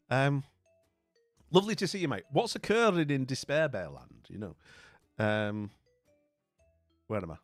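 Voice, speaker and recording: A man from northern England streams a game and talks to his chat in a loose, rambling way. His middle-pitched voice rises and falls a lot. The recording is dry and close, with faint music playing behind him. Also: dry recording. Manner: rambling and chatty, full of "you know what I mean". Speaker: live streamer. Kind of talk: casual live-stream chat while gaming.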